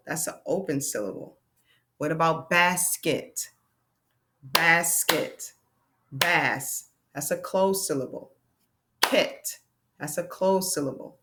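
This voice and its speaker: A woman's voice: on the low side, a bit bright, a little hiss or hum. A woman teaching a phonics lesson to children, stretching out sounds and clapping out syllables in a patient, encouraging way.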